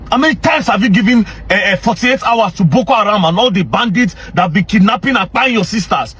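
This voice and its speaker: A young man with a Nigerian Pidgin English accent, ranting angrily and confrontationally straight to camera as a social media commentator, often breaking into shouts. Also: sits high, a little hiss or hum. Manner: angry, confrontational, repeatedly shouting. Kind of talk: heated direct-to-camera rant.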